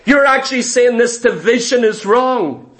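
A preacher with a strikingly high-pitched voice delivers a sermon. He speaks emphatically, repeats key phrases and throws rhetorical questions at his listeners. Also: moderate pace, a bit bright.

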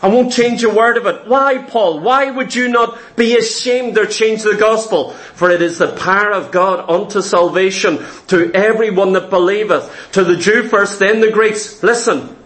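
Preaching in a very high voice, a man hammers his points home through repetition and rhetorical questions, pausing now and then to clear his throat. He moves at a normal pace with few pauses, and his tone is fairly bright.

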